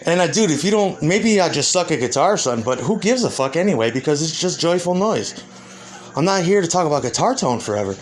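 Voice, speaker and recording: A man's voice: on the high side, lively intonation, brisk. A man, a musician, in a rambling and profane rant, combative and heated. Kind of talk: ranting monologue.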